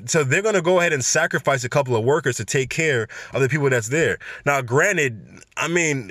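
A man's voice: medium pitch, no echo, clean studio sound. Man ranting through casual news commentary. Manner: animated, slangy, rambling asides. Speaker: podcast host.

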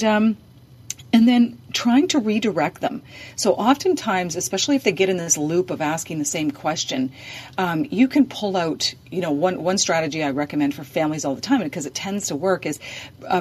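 A woman's voice: lowish voice, expressive, moderate pace, a little mellow, breathy edge. A woman giving practical advice on dementia caregiving, speaking hesitantly with frequent fillers and restarts. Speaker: dementia care advisor. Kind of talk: advice in a podcast conversation.

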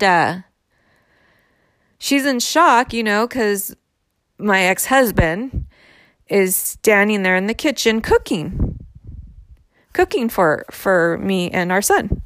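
A woman's voice: medium pitch, animated, slow, pauses often, fairly bright tone, no echo. A woman in her thirties telling a personal story candidly, in a conversational way with frequent fillers.

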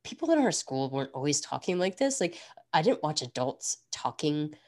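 A woman's voice: deep voice, moderate pace. A woman in her thirties hosting a podcast, chatting casually and reflectively with many asides. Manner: reflective, rambling, animated. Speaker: podcast host. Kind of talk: casual chat.

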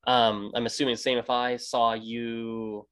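A man's voice: mid-range voice, little pitch movement, a little slow, a bit bright. A Canadian man hosting a casual interview, rambling with many restarts. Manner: rambling, many restarts, acts out quoted greetings. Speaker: podcast host.

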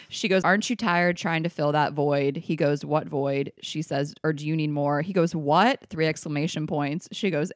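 A woman's voice: no room sound, clean studio sound. A woman co-hosting a podcast, reading listener messages aloud in casual chat and often breaking into laughter. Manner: giggly, breaks into high laughter. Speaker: podcast co-host.

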